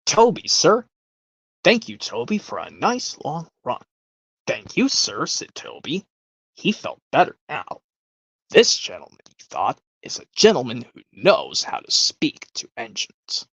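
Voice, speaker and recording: A speaker doing an impression of a calm older male narrator reading a children's train story, softly and with whispered narration tags. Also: medium pitch, a little slow, gravelly, husky, no room sound, heavily acted. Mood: gentle storytelling.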